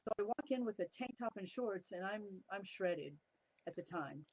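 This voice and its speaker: A woman's voice: medium pitch, moderate pace, breathy edge, no room sound. A middle-aged woman telling stories as an interview guest on a video call, often laughing and acting out the people in her tale. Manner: lively, laughs often, acts out quoted people. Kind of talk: anecdotal storytelling in an interview. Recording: dull, dry lo-fi call audio.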